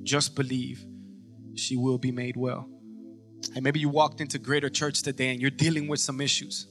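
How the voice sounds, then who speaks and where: A man preaching a sermon in a church, moving between quiet, intimate passages and fervent, shouted climaxes. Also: mid-range voice, flat delivery, moderate pace, over music. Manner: swings from soft to shouting and fervent. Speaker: pastor.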